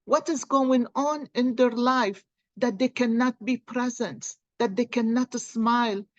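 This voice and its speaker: A fairly high-voiced woman, a tarot and coffee cup reader, gives viewers a casual, heartfelt motivational talk, repeating phrases for emphasis. She sounds earnest and encouraging, speaking slowly and unhurriedly. The recording is dry and dull, with no room sound.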